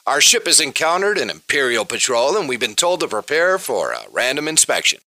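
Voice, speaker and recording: A man voicing a calm starship captain making an announcement in a voice audition. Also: medium pitch, brisk, noisy background, voice pushed up. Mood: announcing. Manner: announcing over intercom.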